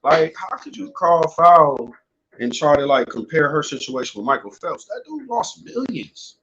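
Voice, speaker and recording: A man's voice: a little high, fairly bright tone. A young man hosting a casual, unedited podcast from home on earphones, talking loosely and with lots of swearing. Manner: loose, profane, rambling. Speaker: podcast host. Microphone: earphones headset. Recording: dull lo-fi home recording.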